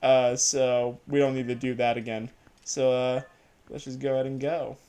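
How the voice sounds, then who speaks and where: A man's voice: mid-range voice, flat delivery, moderate pace, warm tone, clear, resonant tone. A man casually commentating his gameplay, rambling and laughing at himself. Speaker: let's play host.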